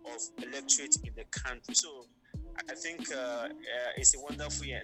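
A man's voice: mid-range voice, fairly even intonation, brisk, over music, low-quality recording. A man from Ghana as a guest in a casual chat, emphatic and repeating himself with hesitant fillers.

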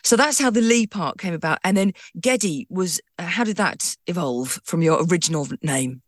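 A woman's voice: on the low side, animated, normal speed, dry recording, studio quality. A woman hosting a podcast, asking questions in a friendly, encouraging way. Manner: friendly, encouraging, brief interjections. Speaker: podcast host. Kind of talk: casual interview.

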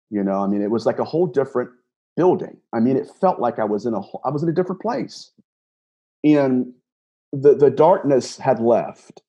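A man being interviewed, retelling a personal encounter in an animated way, often restarting and repeating words. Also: mid-range voice, slightly rough. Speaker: guest, paranormal investigator. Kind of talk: storytelling interview.

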